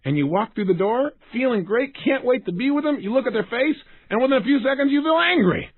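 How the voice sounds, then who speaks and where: Animated, husky man giving a motivational talk. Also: extremely high pitch, fast talker, dry recording. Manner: animated, asks the listener rhetorical questions. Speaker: self-help speaker. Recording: dry, tinny phone-like sound.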